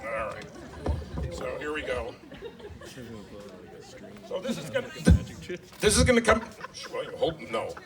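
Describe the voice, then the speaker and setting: A man's voice: medium pitch, huge pitch swings, unhurried, long pauses. A man giving a wedding toast as father of the bride, joking about himself and getting emotional. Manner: self-deprecating, joking, emotional. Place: wedding reception hall. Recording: distant mic, loud crowd noise. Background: crowd and laughter.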